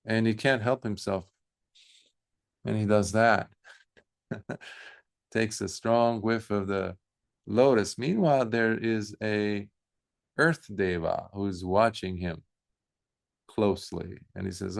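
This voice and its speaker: A man, a Buddhist monk, giving a relaxed dharma talk, telling stories with pauses and fillers. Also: fairly low pitch, creaky, no room sound, studio quality.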